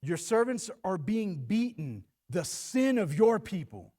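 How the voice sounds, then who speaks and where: A man's voice: high voice, measured pace. A man preaching a sermon as pastor, acting out voices and stumbling over repeated words as he starts a thought. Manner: animated preaching, acts out voices.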